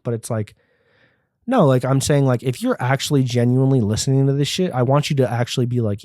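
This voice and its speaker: A man's voice: mid-range voice, quick pace, darkish tone, no echo, studio quality. A man in his twenties hosting a solo podcast, rambling, profane and self-deprecating. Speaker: podcast host. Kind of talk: casual solo podcast monologue.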